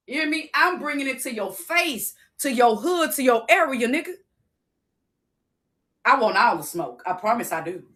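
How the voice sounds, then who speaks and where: A livestream host from the Southern United States rants on her phone in a high, bright voice. She's fiery and profane, hammering listeners over and over with the same challenge: "you hear me?"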